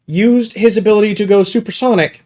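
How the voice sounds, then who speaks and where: A man's voice: high-pitched, a little fast. A man hosting a casual podcast, telling tabletop game stories with lots of laughter. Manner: animated storyteller, laughing often. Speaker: podcast host. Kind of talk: casual chat.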